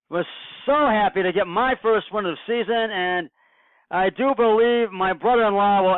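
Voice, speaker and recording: A man giving a casual solo sports recap, rambling and excited, repeating himself with many fillers. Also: high voice, smooth, no room sound. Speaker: home podcaster recapping football. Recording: tinny phone-like dry recording.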